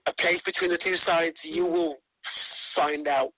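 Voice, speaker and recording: A man's voice: on the high side, fairly even intonation, a little slow, no echo. A man with a Birmingham accent, a guest on a radio show, earnestly telling his story. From England. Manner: earnest, tells stories in quoted dialogue. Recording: tinny phone line.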